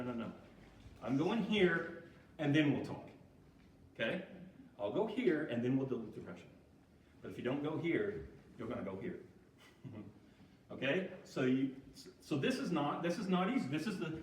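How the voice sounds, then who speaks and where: A man's voice: medium pitch, slight background noise. A man giving an informal, conversational talk at a church recovery group, often checking in with "okay?" and laughing at himself. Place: church hall. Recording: echoey hall from far off.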